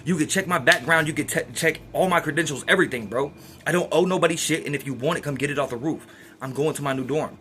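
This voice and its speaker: A man's voice: fairly high pitch, quick pace, sharp tone, slight background noise. A man in his twenties casually telling a story, streetwise and slangy, acting out what others said. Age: 20s. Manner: streetwise slangy retelling with quoted dialogue.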